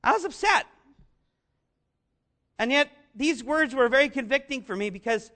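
A man preaching a sermon, earnest and conversational, rising to shouts on key lines. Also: very high voice, takes it slowly, long pauses. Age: adult, father of young children. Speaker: pastor.

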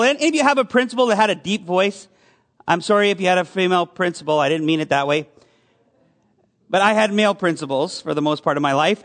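A man's voice: high voice, a bit bright. A male pastor giving a conversational sermon, asking his congregation questions as he goes. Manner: conversational preaching with audience questions.

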